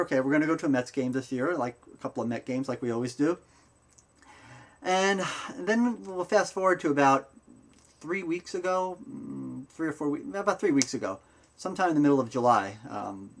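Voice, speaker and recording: Dad rambling on camera about his kids, lots of ums, plain middle voice. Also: mid-range voice. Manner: rambling, many fillers and restarts. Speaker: father and vlogger. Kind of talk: casual vlog storytelling.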